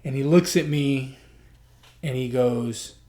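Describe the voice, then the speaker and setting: A man's voice: medium pitch, takes it slowly, dark tone. A man hosting a podcast, telling a personal story in an earnest, emotional way, often repeating himself. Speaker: podcast host.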